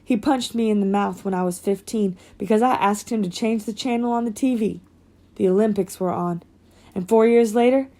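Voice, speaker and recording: A woman reading an audiobook voices a grown male track coach with a flat, hard, quietly intense way of talking. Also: medium pitch, natural voice.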